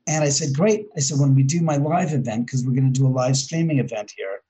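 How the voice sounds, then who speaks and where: A man's voice: medium pitch, fast talker, husky, poor audio. A man, a guest in a casual interview, telling rambling ghost stories about his house and correcting himself as he goes. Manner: rambling, self-correcting, animated when retelling. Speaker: guest, haunted house owner.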